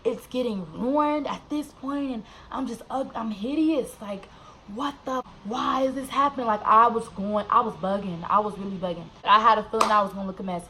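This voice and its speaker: A young woman tells a personal story straight to the camera, candid and animated, with slang and plenty of "like"s. Her voice sits at a middling pitch. A faint background noise runs under the recording. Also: fairly quick, few pauses, poor audio. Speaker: vlogger.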